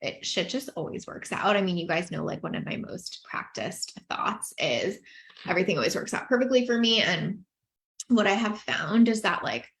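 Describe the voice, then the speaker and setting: A woman's voice: medium pitch, expressive, moderate pace, fairly bright tone. A woman hosting a podcast, talking candidly in a casual, reflective way, full of "like" fillers and easy laughter. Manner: chatty, filler-heavy with frequent "like", laughs easily; open and emotional, reflective. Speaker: podcast host. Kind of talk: candid casual podcast chat, reading listener comments.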